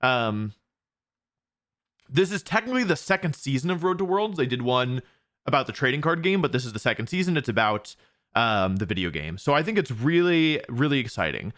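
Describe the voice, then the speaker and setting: A man's voice: mid-range voice, sing-song, fairly quick, fairly bright tone. A young man hosting a live stream, chatting casually as he reads out viewer questions and answers them with lots of restarts. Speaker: streamer hosting a watch party.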